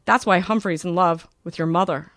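A woman's voice: fairly low pitch, moderate pace, a bit bright, no room sound. Woman putting on a sardonic older gent, dry and languid. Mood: droll, sardonic. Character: older gentlemanly uncle, droll and sardonic.

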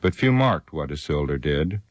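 A man voicing an ancient, sorrowful elf lord who speaks gravely and solemnly in an audiobook reading. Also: very deep voice, big pitch swings, moderate pace, no echo.

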